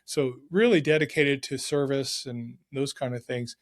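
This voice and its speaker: Middle-aged man, guest, excited storytelling, mid-pitched voice, casual. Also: moderate pace. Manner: excited, energetic.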